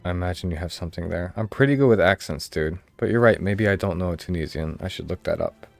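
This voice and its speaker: A man's voice: low-pitched, fast talker, vocal fry, faint music behind. A man with a Mid-Atlantic American accent giving casual, chatty gameplay commentary as a streamer. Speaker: game streamer.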